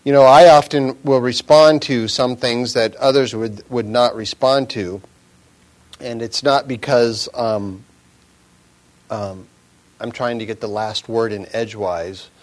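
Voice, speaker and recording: A man giving an informal sermon in a slow, measured, conversational way, with fillers and quoted proverbs. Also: medium pitch, steady tone. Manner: slow, measured, conversational, drops to a whisper at times. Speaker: preacher.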